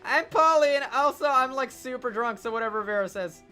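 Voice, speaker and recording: A streamer voicing a cheerful, drunk ghost girl in a high, giddy voice while reading game dialogue. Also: a little fast, sharp tone, smooth, faint music behind. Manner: giddy, slurring party voice.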